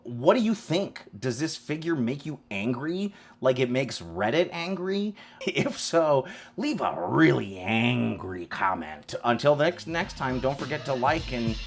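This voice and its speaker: A man's voice: medium pitch, sing-song, unhurried, creaky, soft background music. A man hosting a casual toy unboxing review, rambling and joking with frequent restarts. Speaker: toy reviewer, channel host.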